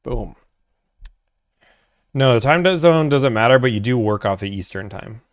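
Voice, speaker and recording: A man's voice: medium pitch, expressive, moderate pace, dry recording, clean studio sound. A young man hosting a casual livestream, reading viewer chat aloud and answering in a laid-back, chatty way.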